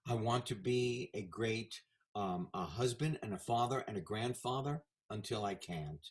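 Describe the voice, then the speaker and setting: A man's voice: on the low side, a little slow. Older man telling stories. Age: 70s. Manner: animated anecdotal storyteller. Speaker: guest. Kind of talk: casual storytelling interview.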